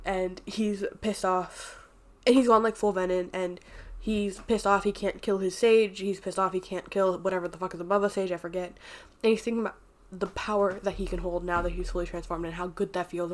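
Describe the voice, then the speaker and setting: A woman talking casually and candidly as she recaps and reviews a book, rambling a little and swearing freely. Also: medium pitch.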